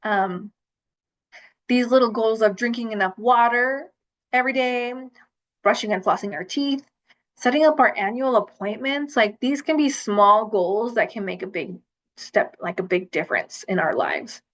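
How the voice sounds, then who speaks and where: A woman's voice: fairly high pitch, normal speed. A woman hosting a self-love livestream, chatting casually with lots of fillers and restarts. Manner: chatty, rambling, with many fillers.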